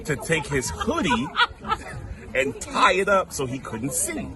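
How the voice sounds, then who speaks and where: A man's voice: a little high, wildly swooping pitch, unhurried, a crowd in the background. A man telling a childhood story with lots of laughter, acting out the people in it. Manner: laughing, acts out quoted voices. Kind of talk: animated storytelling.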